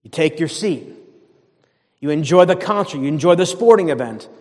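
A man's voice: a little high, expressive, normal speed, darkish tone. A man from the area preaching a sermon as pastor, with fervent, conversational delivery and repeated emphatic commands. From Boston area, USA. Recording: long hall reverb.

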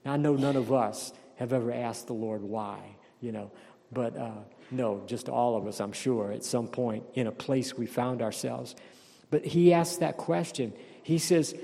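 A man's voice: medium pitch, moderate pace, gravelly, mellow, long reverb tail. A man preaching a sermon as pastor, emphatic and questioning the congregation.

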